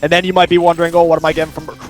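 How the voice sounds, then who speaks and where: A man hosting a let's play, talking casually over his gameplay. His voice sits somewhat high, and he rambles, piling up detail after detail in long lists. Faint music plays underneath. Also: flat delivery, rapid-fire.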